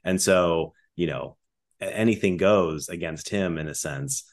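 A man with a very deep voice chats as a podcast guest. He talks candidly and loosely, with a self-deprecating streak. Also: measured pace. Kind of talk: casual chat.

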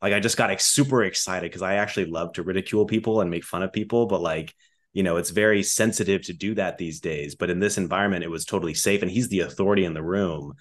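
A man's voice: low voice, fairly even intonation, quick pace. A man guest on a podcast, chatting candidly and loosely about a class experience, a bit self-deprecating. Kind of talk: casual chat.

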